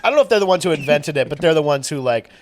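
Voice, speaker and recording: A male podcast host in loose comedy chat, his voice sitting a bit high for a man. He laughs easily and jumps into quick impressions while he tells a story. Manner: animated storyteller, laughs often, acts out quotes.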